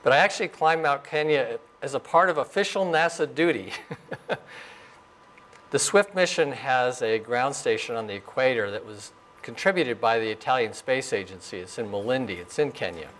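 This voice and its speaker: An older man in his sixties tells stories from his career at a mid-pitched voice. He speaks in a loose, chatty way, with plenty of "uh" and "you know" and a little laugh now and then. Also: moderate pace, a little hiss or hum. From Arizona, US. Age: 60s. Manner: relaxed storytelling with fillers and chuckles. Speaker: astrophysicist giving a lecture. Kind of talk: informal lecture. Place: lecture room.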